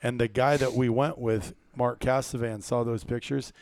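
Male host, animated storyteller, mid pitch, dry booth. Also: normal speed, no echo. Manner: excited storyteller, laughs often, acts out quotes. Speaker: hunting podcast host. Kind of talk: casual storytelling chat.

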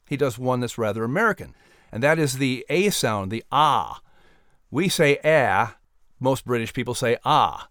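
A man's voice: medium pitch, fairly bright tone, no room sound, studio quality. A man hosting a podcast and reading a scripted outro, chatty and explanatory. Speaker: podcast host and audiobook narrator.

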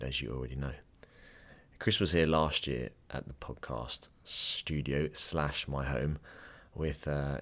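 A man's voice: rumbling low, a bit bright. A man in his thirties hosting a podcast, giving a chatty, upbeat, rambling intro from his home studio. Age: 30s. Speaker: podcast host.

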